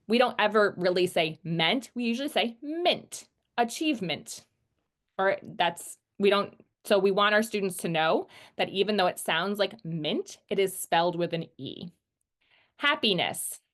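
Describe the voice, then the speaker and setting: Woman slowly sounding out words in a lesson. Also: mid-range voice, a bit bright. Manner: explains patiently, sounds words out slowly, says "right?" often. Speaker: literacy teacher trainer. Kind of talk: instructional explanation.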